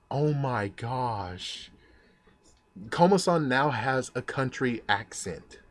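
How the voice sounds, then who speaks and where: Excitable young man ranting. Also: medium pitch. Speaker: anime vlogger. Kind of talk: casual commentary vlog.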